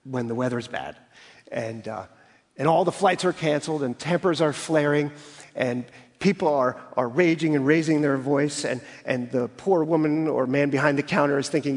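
A man's voice: fairly high pitch, moderate pace. A man preaching an expository sermon, explaining scripture with everyday stories and acting out quoted voices with rising emphasis. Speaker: pastor. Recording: long hall reverb.

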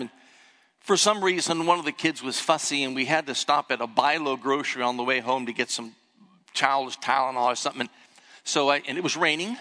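Older pastor preaching in an echoey hall. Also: male voice, fairly high pitch. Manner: storytelling, animated emphasis. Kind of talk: sermon. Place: church sanctuary.

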